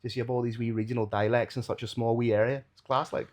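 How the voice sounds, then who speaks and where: A man's voice: mid-range voice, little pitch movement, fast talker. A man with a Northern Irish accent, a sports commentator chatting as a podcast guest, casual and swearing freely with local words. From Northern Ireland.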